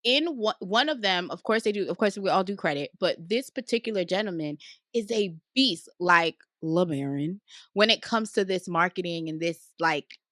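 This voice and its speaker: A woman guest talking business in an animated, casual interview, loud and given to cackling laughs. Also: fairly low pitch, moderate pace, no room sound, studio quality. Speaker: podcast guest, credit consultant.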